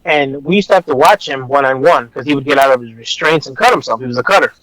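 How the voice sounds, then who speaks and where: A man's voice: medium pitch, fast talker, fairly bright tone, no echo, low-quality recording. Man telling a story in a dry close voice. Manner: blunt, rambling, swears, repeats himself. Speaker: officer guest. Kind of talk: casual storytelling interview.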